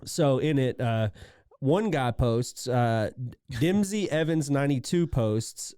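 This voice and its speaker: A man co-hosting a casual podcast, rambling with halting restarts and poking fun at himself. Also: medium pitch, animated, mellow, smooth, no room sound, studio quality. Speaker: podcast co-host. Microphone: studio microphone.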